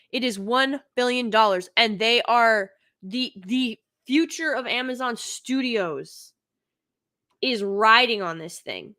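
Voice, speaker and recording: A woman's voice: on the high side, sharp tone. A woman hosting a live-streamed TV review, talking off the cuff, emphatic and exasperated, repeating her points again and again. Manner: exasperated, critical.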